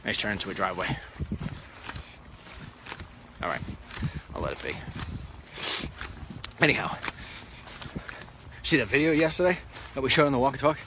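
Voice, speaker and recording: With long pauses between very animated bursts, a man speaks at medium pitch and normal speed. He's a political commentator walking outdoors past street traffic, rambling bluntly to the camera in a vlog monologue.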